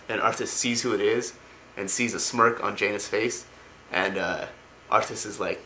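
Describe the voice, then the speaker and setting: A man's voice: on the low side, fairly even intonation, normal speed, hardly any pauses, sharp tone. A man casually retelling video game lore, rambling with lots of ums and likes. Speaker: lore explainer.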